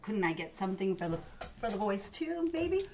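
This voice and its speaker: A woman's voice: medium pitch, sing-song, fairly quick, darkish tone, a little hiss or hum. A woman from Ohio, a podcast guest, chatting in an easygoing, playful way. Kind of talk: casual interview chat.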